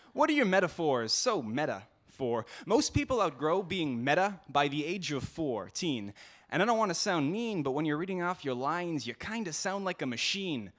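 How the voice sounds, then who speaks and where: A man's voice: medium pitch, a bit bright. A man performing a comic spoken-word poem at a slam, with a rhythmic, punning delivery and playful jabs. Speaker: slam poet. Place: university event hall.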